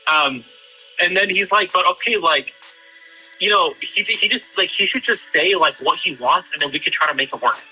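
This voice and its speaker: A man with a very bright, slightly raised voice talks casually, hesitant and full of fillers. Quiet music plays in the background. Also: sits high, expressive, moderate pace, slightly rough, low-quality recording. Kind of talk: casual chat.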